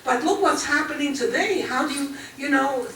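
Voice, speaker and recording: An older woman with a German accent addresses a college audience in a chatty manner, often pausing with fillers. Her voice sits fairly high. It reaches the mic from a distance across a large echoey hall with faint background noise. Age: 80s. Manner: warm, chatty, pauses with fillers. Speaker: guest speaker.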